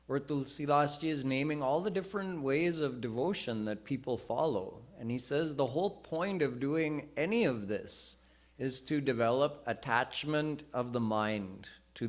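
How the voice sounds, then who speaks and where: Male preacher, live sermon, slow deliberate pace, mid-pitched voice, teaching with stories. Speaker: senior preacher. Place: temple hall.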